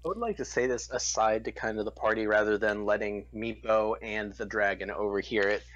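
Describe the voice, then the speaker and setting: A man playing a tabletop game, speaking in a deliberate, low-key way. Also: fairly bright tone. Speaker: player. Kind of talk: casual tabletop play. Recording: dull lo-fi sound.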